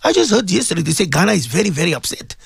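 A man's voice: high voice, sing-song, very fast, creaky, slightly rough, no room sound, studio quality. A man with a South African accent, a radio host and Muslim cleric, giving impassioned commentary full of repetition and rhetorical questions.

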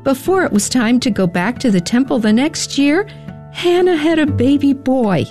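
A woman narrating a story in a gentle, scripted reading style. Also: high-pitched, expressive, moderate pace, faint music behind.

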